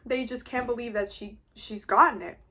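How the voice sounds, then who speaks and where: Brief: teen girl vlogger, slightly high voice, casual storyteller, "like" in every line. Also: steady tone, moderate pace, pushed and bright, a little hiss or hum. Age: teens. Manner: chatty, heavy use of "like". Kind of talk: casual retelling while eating.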